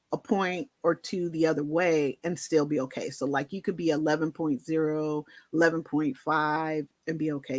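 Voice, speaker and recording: Candid woman with a low, dry voice. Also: no echo. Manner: candid, conversational, many fillers and asides. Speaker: vlogger. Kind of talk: personal storytelling to camera.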